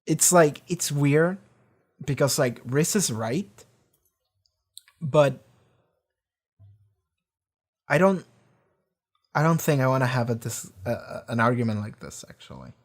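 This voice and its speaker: A man's voice: medium pitch, expressive, takes it slowly, pauses often. A man hosting a casual TV reaction, talking in a rambling way, full of fillers and casual swearing. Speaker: show reaction host.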